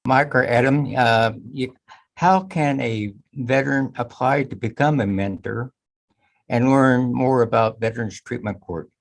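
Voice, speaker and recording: A man hosting an interview, asking measured, friendly questions and wrapping up the show. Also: medium pitch, creaky, rough recording. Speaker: host.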